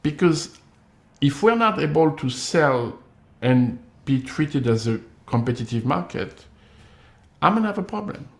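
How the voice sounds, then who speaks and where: A man's voice: a little high, animated, unhurried, vocal fry, echoey room. Emphatic man with a tinged delivery. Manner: emphatic, accusatory, acts out others' replies. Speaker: commentator. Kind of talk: direct-to-camera monologue.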